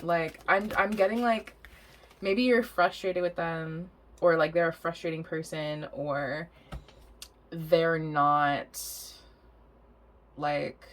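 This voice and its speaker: Chatty, low-voiced woman reading tarot. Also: fairly even intonation, slow, pauses often. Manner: chatty, rambling, laughs often, swears casually. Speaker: tarot reader.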